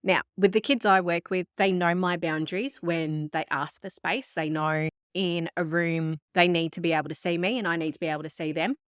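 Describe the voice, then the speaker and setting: A woman therapist and podcast host giving calm, explanatory advice to parents, acting out parents and children as she goes. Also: lowish voice, normal speed, no room sound, studio quality. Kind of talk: solo advice talk.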